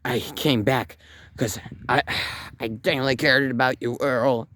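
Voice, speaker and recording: A man's voice: mid-range voice, fairly even intonation, a little slow, fairly bright tone, a little hiss or hum, close to an everyday voice. A man playing a hurt, melodramatic young man in an amateur comedy skit. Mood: indignant. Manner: wounded, melodramatic.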